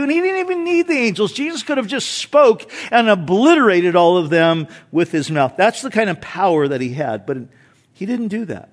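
A man with a high voice preaches a sermon, talking to his congregation like a friend. He moves from loud, emphatic lines down to quiet, low asides, and throws in rhetorical questions and a bit of humor. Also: normal speed. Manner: animated, swings between loud emphasis and soft low asides. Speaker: pastor.

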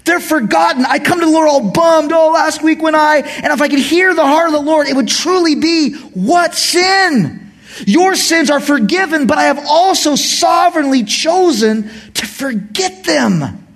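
A middle-aged man preaching a sermon in church, swinging from quiet asides to shouted emphasis. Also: very high-pitched, animated, moderate pace. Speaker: pastor.

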